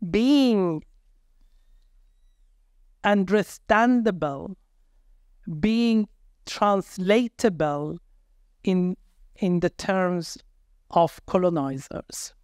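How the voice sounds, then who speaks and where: A man speaking as a researcher on a conference panel, halting and searching for words in a measured way. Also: high voice, a little mellow, clean tone, dry recording, clean studio sound. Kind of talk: academic panel discussion.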